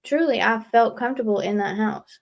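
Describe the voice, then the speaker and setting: A woman's voice: on the high side, brisk, vocal fry, muffled recording. A young woman speaks as a guest in a casual live interview. She talks earnestly and rambles, with lots of fillers. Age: young adult. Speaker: guest leaving a recovery house.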